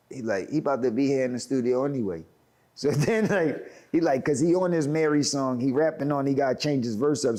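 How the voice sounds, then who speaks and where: A man with a Philadelphia accent telling a profane, animated story, acting out quotes with big swings in pitch and filling his talk with "like". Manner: profane slang, frequent "like". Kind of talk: animated anecdote.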